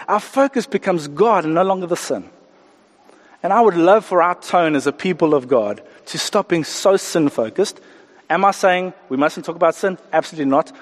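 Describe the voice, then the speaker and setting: Animated preacher, high voice. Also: male voice. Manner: animated, acts out quoted voices. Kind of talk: sermon. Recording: hall reverb.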